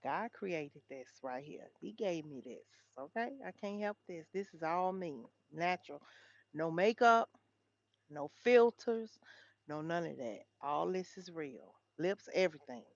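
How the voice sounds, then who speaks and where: A woman's voice: fairly low pitch, animated, unhurried, no room sound. Woman livestream host, chatty, talks straight to her viewers, dull dry lo-fi sound. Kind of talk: casual livestream chat reading headlines.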